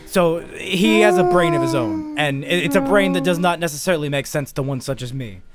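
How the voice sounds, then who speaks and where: A young man co-hosting a podcast, telling a story in casual, profane chat and bursting into shouts as he acts out his panic. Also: on the high side, animated, fairly quick, no room sound. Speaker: podcast co-host.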